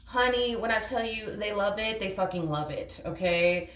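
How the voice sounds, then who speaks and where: A woman's voice: medium pitch, expressive, moderate pace, hardly any pauses, fairly bright tone, recorded from a distance. A woman giving a casual tarot reading to camera, blunt and emphatic. She repeats her points and calls the listener honey. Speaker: tarot reader. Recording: roomy echo, away from the mic.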